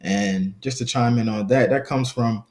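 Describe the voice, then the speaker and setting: A man's voice: mid-range voice, moderate pace, a little mellow. A man in his twenties from a small Southern country town, reflecting as an interview guest with many fillers. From small country town in the Gullah Geechee region, US South. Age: 20s. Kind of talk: casual interview conversation.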